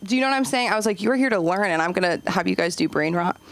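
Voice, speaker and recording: Woman, stand-up comic, comedy club stage, rambling storyteller, voice leaps high on quotes, middle pitch. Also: animated, racing. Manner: chatty, rambling, swoops high for acted-out quotes. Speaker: stand-up comic and open mic host.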